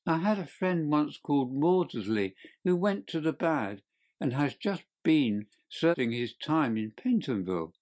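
A man's voice: big pitch swings, measured pace, darkish tone. A man voicing a panicked young male thief who pleads and confesses in a crackling voice in an audiobook reading. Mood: confessing. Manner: shrill, pleading, desperate. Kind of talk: audiobook character voice.

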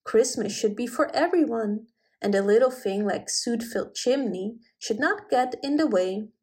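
A kindly old rabbit gentleman from a storybook, gentle and good-natured, as a woman reads him aloud. The voice sits a little high for his age. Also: expressive, normal speed, slightly rough. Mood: cheerful.

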